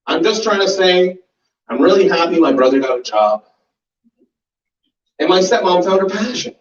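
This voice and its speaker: A man's voice: sits high, expressive, normal speed. A man in his forties doing a profane stand-up set, with laugh and voice impressions. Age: 40s. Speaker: stand-up comedian. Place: small comedy club basement. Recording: roomy, distant, muffled live recording.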